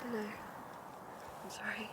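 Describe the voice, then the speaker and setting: A young woman playing a warm, apologetic young woman who speaks softly. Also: measured pace, very noisy, lightly acted. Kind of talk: naturalistic drama dialogue. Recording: distant from the mic. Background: loud music soundtrack.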